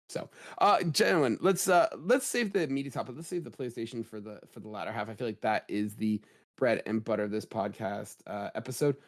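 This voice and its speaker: A man in his thirties hosting a gaming podcast in a casual, jokey way, his voice a little rough from a cold. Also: medium pitch, normal speed. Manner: animated, jokey, rising emphasis. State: slightly rough voice after a cold. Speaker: podcast host.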